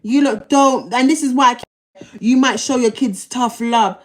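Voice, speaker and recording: A woman's voice: on the high side, normal speed. A woman telling a personal story on a livestream. She talks bluntly, in slang and profanity, and often repeats herself. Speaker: livestream host.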